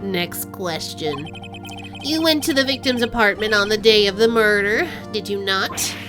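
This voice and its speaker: A woman voicing a smug, middle-aged male prosecutor in a game, speaking low and slow. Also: music in the background, close to an everyday voice. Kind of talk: game voice-over.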